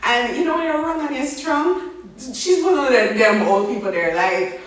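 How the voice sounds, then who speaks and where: A young woman, telling a story in a casual, slangy, animated way and laughing along as she goes. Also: high voice, moderate pace. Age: young adult. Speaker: vlogger. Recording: very echoey room, mic at a distance.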